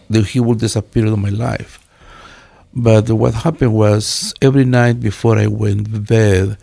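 A man in his sixties from Guatemala with a Guatemalan Spanish accent, a pastor telling his life story in halting, earnest English with many restarts. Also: on the low side, creaky, warm tone, breathy edge, no echo. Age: 60s.

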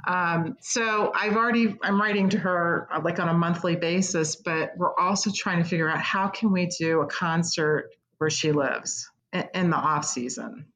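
In an emotional interview, a middle-aged Midwestern American woman who serves as executive director of a concert pavilion speaks as a guest about her work, candid, earnest, and occasionally in tears. Her fairly low voice is a bit bright and a little slow. Poor audio adds a little hiss or hum.

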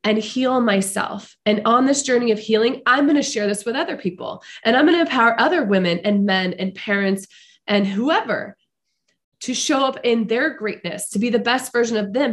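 A middle-aged woman hosting a podcast, speaking slowly and earnestly in a heartfelt, reflective motivational monologue. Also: mid-range voice. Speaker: podcast host.

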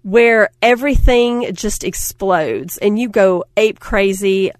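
A middle-aged woman giving a motivational talk, telling stories in an animated way, acting out quotes and laughing often. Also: medium pitch, slow pace, no echo, studio quality. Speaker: speaker.

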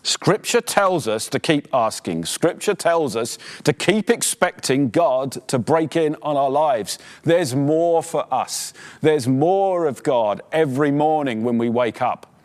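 A man preaching a sermon as pastor, exhorting his listeners fervently, his voice climbing in pitch as he urges them on. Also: animated. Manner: quieter, halting prayer. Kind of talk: sermon with closing prayer.

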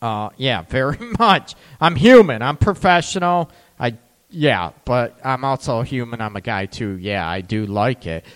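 A man's voice: mid-range voice, lively intonation, unhurried, a bit bright, smooth, big-room sound. A man giving relationship advice in a live-streamed talk, candid and joking, often laughing. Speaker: relationship coach.

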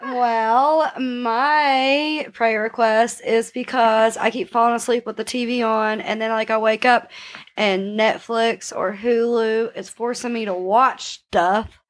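Chatty woman in her 40s, kinda high voice, rambly podcast storytelling. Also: steady tone, slow pace. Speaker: podcast co-host. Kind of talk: casual chat.

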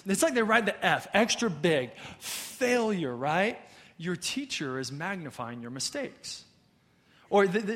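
A man preaching a sermon to his congregation, conversational and animated, often checking in with "right?" and "okay?". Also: high voice. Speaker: pastor.

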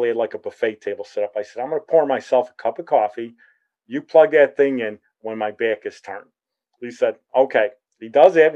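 A middle-aged man telling a casual anecdote, acting out the voices of the people in it. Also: mid-range voice. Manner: lively, acts out quoted voices. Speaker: storyteller guest. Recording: dull lo-fi recording.

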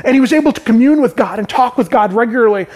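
A man's voice: very high voice, fast talker, darkish tone. A man preaching a conversational sermon who explains scripture in everyday terms and keeps checking in with "right?". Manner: informal, peppered with "right?" and "man".

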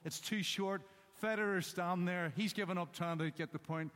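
A man gives a sermon in a storytelling way, landing short one-word emphases between anecdotes. His voice sits a little high for a man. The sound carries a long reverb from the church hall. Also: fairly even intonation, moderate pace, a bit bright. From Northern Ireland. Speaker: preacher.

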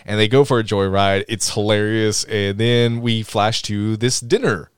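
A male podcast co-host chats casually about a movie, laughing often and acting out lines from its scenes. His voice is lowish with fairly even intonation and a moderate pace, and the clean, dry recording is studio quality.

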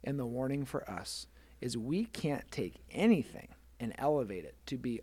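A man co-hosting a casual Bible discussion, animated and playful as he acts out quotes. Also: mid-range voice, moderate pace, breathy edge, no echo. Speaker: pastor and podcast co-host.

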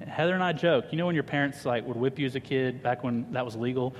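A man in his thirties preaching a sermon to a congregation, telling funny family stories with lively humor. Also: mid-range voice, fast talker, highs cut off, a little hiss or hum. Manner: animated, humorous storyteller addressing a congregation. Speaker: pastor. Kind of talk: sermon with personal storytelling. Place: church hall. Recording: reverberant church hall.

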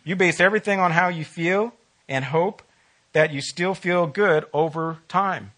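A man preaching a sermon as a pastor, talking to his congregation in a relaxed, conversational way and often asking them questions. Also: fairly high pitch, measured pace.

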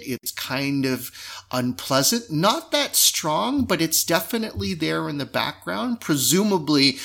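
A man narrating a tabletop game as game master, loose and relaxed, with lots of fillers. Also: medium pitch.

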